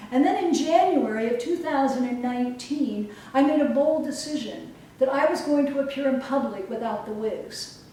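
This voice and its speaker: A woman coach giving a motivational talk and leading a guided exercise with slow, emphatic, soothing instructions. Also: sits high, a little mellow. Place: event hall. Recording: roomy echo from far off, faint noise.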